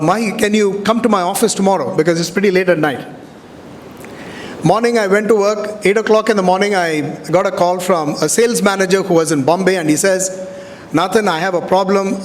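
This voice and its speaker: Animated man in a big hall. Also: high voice. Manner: animated storyteller, acts out dialogue. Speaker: convocation speaker. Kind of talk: storytelling speech. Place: large hall. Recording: hall reverb, faint background noise.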